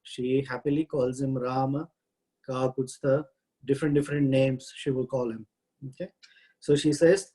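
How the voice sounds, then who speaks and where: A man teaching a scripture class, reciting Sanskrit verses and translating them with many halting pauses. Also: mid-range voice, steady tone, warm tone, rough recording. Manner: halting, frequent "uh" pauses while explaining.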